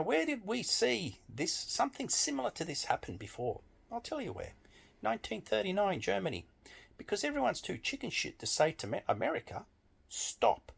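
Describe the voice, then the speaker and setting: A man's voice: sits high, wildly swooping pitch, a little fast, vocal fry, breathy edge. A man delivering a blunt, emphatic opinion monologue with frequent swearing. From Australia. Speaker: political commentator.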